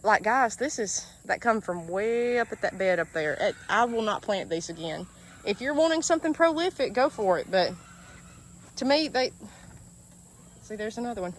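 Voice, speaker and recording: In a casual walking-tour vlog, an Alabama homestead vlogger with a Southern US accent chats emotionally while making her way through her garden outdoors. She has a mid-range voice, with slight background noise plus chickens, ducks and outdoor ambience around her.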